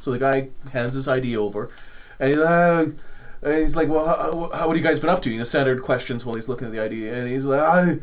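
A man's voice: mid-range voice, quick pace. A man hosting a podcast, telling a rambling anecdote and acting out what people said. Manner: rambling anecdote, acts out quoted dialogue. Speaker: podcast host. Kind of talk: casual storytelling. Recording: phone-like narrow sound.

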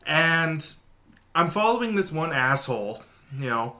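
Guy w a bright, tense voice, kinda high, rambling thru a story w lots of ums. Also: big pitch swings, a little slow. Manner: rambling, hesitant, self-deprecating. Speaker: podcast co-host. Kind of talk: casual storytelling chat.

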